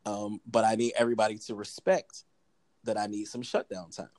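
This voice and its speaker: A man's voice: fairly low pitch, flat delivery, fairly quick, darkish tone, no echo, rough recording. A man co-hosting a casual conversation, speaking candidly and laughing easily.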